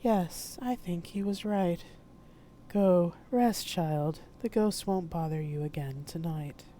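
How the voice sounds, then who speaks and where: A woman reading aloud, voicing a mysterious cloaked woman who speaks in a measured, stern way. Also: lowish voice, warm tone, a little hiss or hum.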